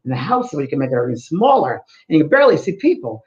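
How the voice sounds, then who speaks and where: A man's voice: a little high, very animated, fast talker. A male co-host speaking in an earnest, storytelling way, repeating his points for emphasis in a casual spiritual talk show. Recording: dull, lo-fi sound.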